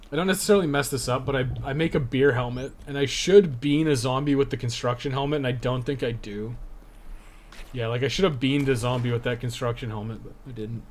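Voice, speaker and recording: A young man giving casual live-stream commentary over his speedrun at home, thinking aloud with lots of fillers. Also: medium pitch. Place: home room.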